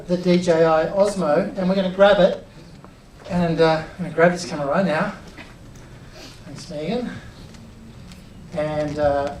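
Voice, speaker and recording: A middle-aged man giving an energetic live workshop, chatty and drawing the audience in. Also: high voice, slight background noise. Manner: upbeat, chatty, involves the crowd. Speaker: workshop presenter. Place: cinema auditorium with audience. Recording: roomy auditorium sound from a distance.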